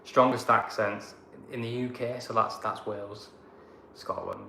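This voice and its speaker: Reading viewer comments aloud and answering them, a Lancashire-accented travel vlogger from Blackburn, England, rambles chattily in a casual live-chat Q&A. His fairly low voice is flat, sharp in tone and a little slow, heard in an echoey room with background noise.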